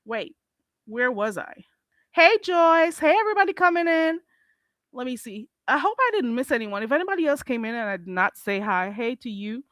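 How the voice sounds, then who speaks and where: A woman hosting a casual livestream, animated, laughing often and greeting chatters on a close mic. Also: on the high side, normal speed, no echo. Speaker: livestream host.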